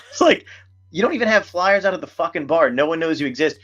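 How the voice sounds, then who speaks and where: Guy hosting a podcast, chatty and animated, curses a lot, kinda muffled sound. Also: fairly high pitch, quick pace. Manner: animated storyteller, swears a lot. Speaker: podcast host. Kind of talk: casual chat.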